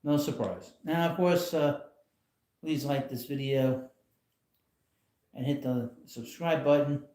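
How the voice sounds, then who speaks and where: This channel host speaks slowly in a mellow, mid-range voice with fairly even intonation and long pauses, and the recording is reverberant. Streaming casually from home in a rocking chair, he talks in a rambling, blunt way and often chuckles.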